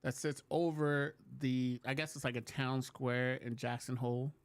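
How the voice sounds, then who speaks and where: A male talk show host casually telling a story, relaxed and chuckling as he goes. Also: mid-range voice, normal speed, clear, resonant tone, no echo.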